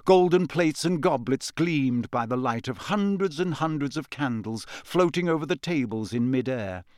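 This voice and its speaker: In a clean, dry studio recording, a medium-pitched man narrates a fantasy audiobook. He follows a script and delivers it with measured, expressive storytelling.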